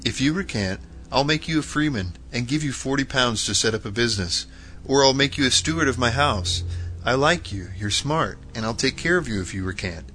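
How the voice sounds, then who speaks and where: A man's voice: medium pitch, animated, a little fast, sharp tone, faint music behind, poor audio. A man voicing a stern older bishop who coaxes and threatens, in a storybook reading. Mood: coaxing. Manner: coaxing, threatening.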